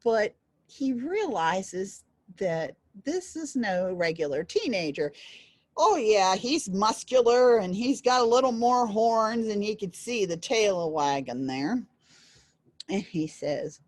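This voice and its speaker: A woman storyteller telling a folk tale in a playful, animated way. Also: medium pitch, takes it slowly, dry recording.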